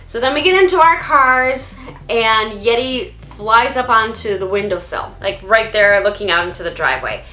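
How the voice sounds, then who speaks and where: Bright-voiced, lively woman vlogger. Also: a little high, normal speed. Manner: upbeat and chatty. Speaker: vlog host and dog owner. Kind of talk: casual vlog narration to camera. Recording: echoey room, faint music.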